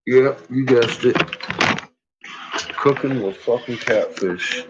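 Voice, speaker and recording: Man, hushed muttering, slow lively talk, dull lo-fi sound with noise. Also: medium pitch. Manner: hushed and muttering, swearing under his breath. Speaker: vlogger. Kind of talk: casual cooking vlog. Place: home kitchen. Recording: roomy, distant, dull lo-fi audio with noise. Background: dogs and kitchen clicks.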